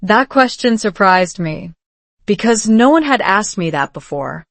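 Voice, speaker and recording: Calm woman narrating a scripted story. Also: mid-range voice, unhurried, no room sound.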